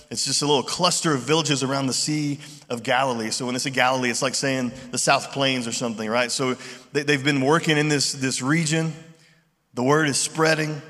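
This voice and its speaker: Conversational pastor in a reverberant hall. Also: male voice, mid-range voice. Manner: conversational, animated retellings with voiced quotes. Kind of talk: sermon. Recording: long reverb of a large hall.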